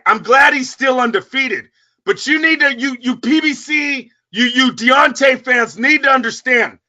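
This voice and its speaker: High, bright-voiced man ranting loudly. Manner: loud, profane, ranting. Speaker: boxing radio show co-host. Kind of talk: heated sports talk rant.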